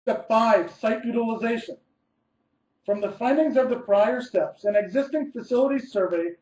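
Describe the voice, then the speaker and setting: A man's voice: very high voice, a little mellow, echoey room, a little hiss or hum, rough recording. A man, an architect, giving a scripted webinar presentation, reading methodically through numbered steps and stressing key words.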